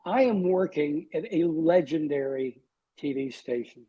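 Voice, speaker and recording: A man's voice: a little high, a little slow, husky, muffled recording. A man in his sixties, a guest on a podcast, telling wry, self-deprecating stories. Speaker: guest, TV weatherman. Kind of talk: storytelling in a podcast interview.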